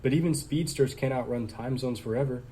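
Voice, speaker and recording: Man doing a teasing young nephew, mellow dark tone, easygoing, faint hiss. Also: medium pitch, brisk, close to an everyday voice. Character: joking young nephew, supportive and wisecracking.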